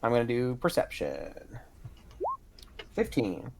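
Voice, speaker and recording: Slow-talking, giggly tabletop player. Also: mid-range voice, wildly swooping pitch, creaky, background noise. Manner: giggly, casual.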